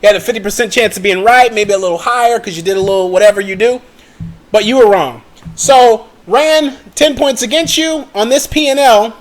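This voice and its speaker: A man's voice: high voice, fairly quick. A young man giving a casual screen-share trading lesson, chatty and checking in with the viewer often. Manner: chatty, checks in with "okay?" and "right?" often, mutters at his computer. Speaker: trading educator.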